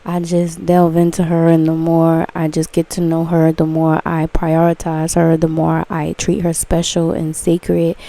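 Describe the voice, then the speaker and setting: A woman's voice: unhurried, vocal fry, few pauses. A woman rambling in a casual, gushing monologue to camera, full of fillers and swearing. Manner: breaks into excited high exclamations. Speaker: vlogger.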